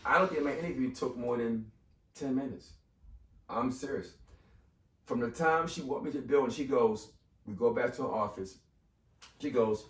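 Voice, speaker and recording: A man's voice: mid-range voice, normal speed, long pauses. A man in his fifties, a podcast guest, telling a personal story in casual conversation and acting out the voices of people in it. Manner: animated, acts out quoted voices. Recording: echoey room, mic far off.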